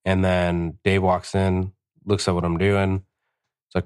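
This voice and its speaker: A man, a tattoo artist and podcast guest, telling stories in a casual, profane, animated way, often acting out what people said. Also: deep voice, unhurried, smooth. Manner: profane, animated, acts out quotes. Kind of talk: casual storytelling.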